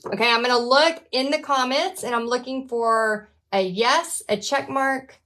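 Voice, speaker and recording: An upbeat woman in her forties leads a live painting class from her home studio. Her voice sits a little high, and her talk is chatty and relaxed. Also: measured pace. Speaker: painting instructor and host. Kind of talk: casual live-stream teaching.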